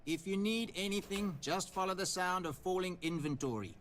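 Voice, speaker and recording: A man's voice: high voice, normal speed, fairly bright tone, a little hiss or hum. A man voicing a friendly, principled shopkeeper in a video game, chatty and wry. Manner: chatty, wry and good-natured.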